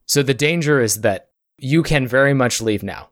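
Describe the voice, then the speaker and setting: Brief: male game master, steady descriptive narration, dry close recording. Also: mid-range voice, moderate pace, no room sound.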